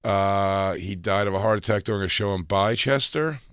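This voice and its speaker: A man co-hosting a podcast, trading dark jokes in casual chat and laughing often. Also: on the low side, moderate pace, clear, resonant tone, no room sound, clean studio sound. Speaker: podcast co-host.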